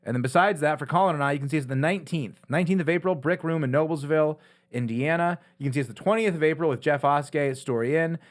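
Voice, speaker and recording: A man co-hosting a casual comedy podcast, excitable and quick to laugh. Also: on the high side. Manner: fast, excitable, laughs often. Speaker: podcast co-host.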